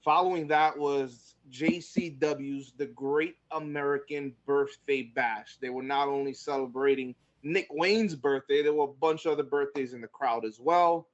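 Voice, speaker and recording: A man's voice: mid-range voice, fairly even intonation, moderate pace, hardly any pauses. A man co-hosting a wrestling podcast, recapping shows in a laid-back, casual way. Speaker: podcast co-host. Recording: dull lo-fi audio.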